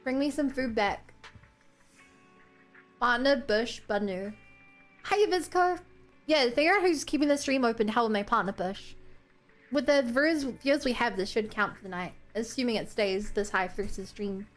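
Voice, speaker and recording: High-voiced chatty New Zealand streamer woman. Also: expressive, moderate pace, faint music behind. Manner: chatty, playful, lots of "like" and "oh my god". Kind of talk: casual gaming stream chat.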